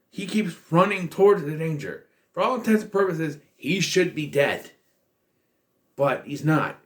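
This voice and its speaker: A man's voice: a little high, a bit bright. A man in his thirties giving a casual, exasperated and blunt film review, with bursts of profanity. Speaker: movie reviewer.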